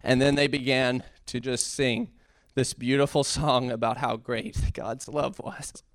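Guy giving a heartfelt church testimony, smooth clear voice, dry close sound, lots of ums, gets fired up. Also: medium pitch, little pitch movement, dry recording. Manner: earnest, halting, with many fillers and restarts; builds to impassioned preaching. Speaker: church speaker sharing a testimony.

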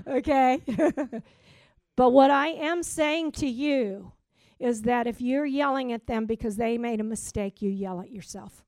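A woman preaching a sermon, swinging from loud emphatic declarations to soft, almost whispered asides. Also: a little high, no echo.

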